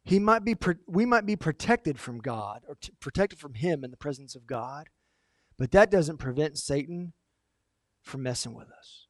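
A pastor delivers a sermon with lively, dramatic storytelling. His voice sits high for a man. The recording is dry and close, with no room echo. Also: moderate pace. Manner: animated and emphatic, dramatic storytelling.

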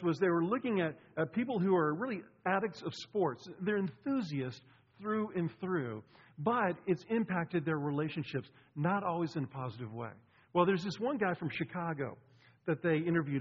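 A man's voice: high-pitched, breathy edge. A middle-aged man preaching a sermon as pastor, talking conversationally with asides to the congregation. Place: church sanctuary. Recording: lo-fi recording with long hall reverb.

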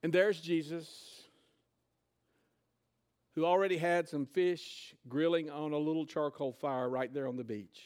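High-voiced pastor telling a story. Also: male voice, steady tone, a little slow, long pauses, a little mellow, clean tone. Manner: conversational storytelling, retelling scripture in casual words. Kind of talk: sermon.

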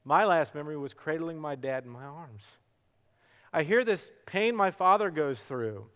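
A middle-aged male pastor preaching a sermon, swinging from hushed to loud and stretching out words for emphasis. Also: on the high side, lively intonation, measured pace. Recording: long hall reverb.

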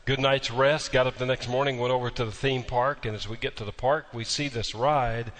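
A man's voice: mid-range voice, steady tone, fairly quick, a bit bright. Pastor, male, folksy storytelling turning emphatic, long hall reverb. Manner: storytelling with humor, then emphatic preaching. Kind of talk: sermon.

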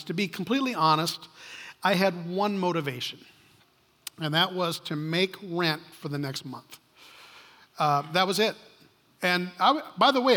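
A man's voice: high-pitched, a bit bright. A man preaching a sermon from a church stage, telling stories in a conversational way with frequent restarts. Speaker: pastor. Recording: long hall reverb.

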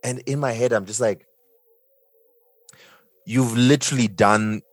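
A man's voice: mid-range voice, fairly even intonation, measured pace, dry recording. A man hosting a podcast in casual chat, opinionated and wry, steering the talk along. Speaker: podcast host.

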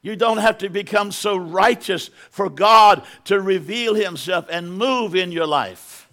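Gravelly high-voiced preacher, emphatic. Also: male voice, unhurried, bright, forceful tone. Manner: preaching with rising emphatic bursts, repeats words. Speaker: pastor. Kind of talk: sermon.

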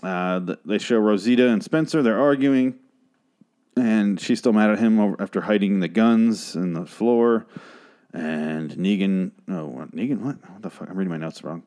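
A man hosting a podcast, recapping a TV episode in a rambling, sarcastic, profane rant, his voice a little hoarse. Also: lowish voice, moderate pace, darkish tone. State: voice getting hoarse.

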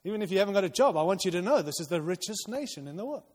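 Man, pastor, sermon, high pitched, impassioned, long hall reverb. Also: very animated, very fast. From outside the United States. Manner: impassioned, swings between loud urging and quiet intensity. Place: church hall.

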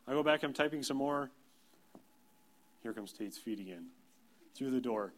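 A man's voice: medium pitch, moderate pace, pauses often. A man in his thirties, a pastor, giving a sermon in a plain, conversational storytelling way, self-deprecating. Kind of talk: sermon with personal anecdotes.

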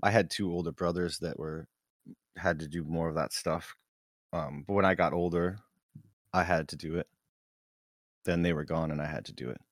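Deadpan Minnesotan man, deep voice. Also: moderate pace, long pauses, no room sound, studio quality. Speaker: podcast co-host. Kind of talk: casual chat.

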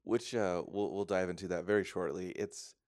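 Low-voiced man joking on a podcast. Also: fairly even intonation, moderate pace, a little mellow, dry recording, clean studio sound. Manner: jokey, rambling, laughs often. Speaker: podcast co-host. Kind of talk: casual movie podcast banter.

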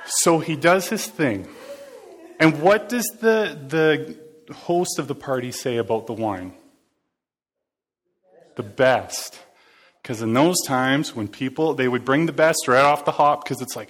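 A man with a medium-pitched voice preaches slowly, pausing often. His sermon is casual and conversational, full of jokes and back-and-forth banter with the congregation.

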